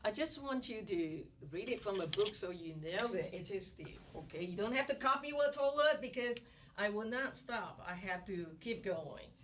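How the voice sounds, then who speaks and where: A woman instructor giving an economics lecture in a classroom, animated and repeating key words as she coaxes her students. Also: medium pitch, moderate pace. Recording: distant classroom recording with background noise.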